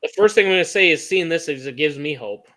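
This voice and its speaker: Animated high-voiced male co-host. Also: quick pace. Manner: animated storyteller acting out quotes. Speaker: podcast co-host. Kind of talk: casual chat.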